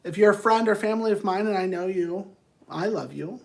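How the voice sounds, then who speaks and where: A man's voice: sits high, a little fast, creaky. A man who counsels people, talking straight to viewers in a casual, rambling motivational monologue, earnest and blunt.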